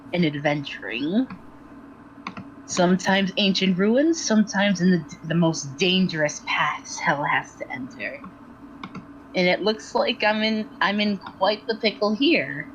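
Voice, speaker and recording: A woman's voice: on the low side, dull audio, slight background noise. A woman playing a proud, guarded hell-born adventurer. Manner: measured and guarded.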